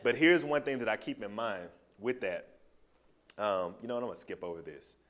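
A man sharing a personal testimony with a small group, telling his story in a loose, animated and heartfelt way. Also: on the low side, brisk.

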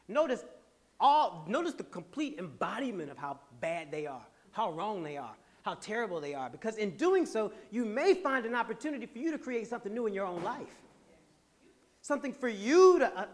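A man hosting a podcast, giving an animated, laughing, preacher-like motivational talk to a live audience. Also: high-pitched. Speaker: podcast host and speaker.

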